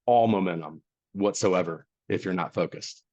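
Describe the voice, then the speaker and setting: Low-voiced man on a muffled line. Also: moderate pace, darkish tone. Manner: emphatic, repeats points for stress. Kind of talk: casual podcast chat. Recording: dull muffled lo-fi sound.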